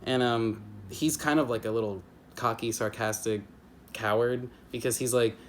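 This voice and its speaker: A man talks through a chapter review in a loose, rambling way, full of fillers and restarts. His voice sits at an ordinary middle pitch, and faint household noise sits behind him. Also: fairly even intonation. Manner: rambling, heavy on fillers and restarts, slips into quick character impressions. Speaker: YouTube book reviewer. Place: home with family nearby.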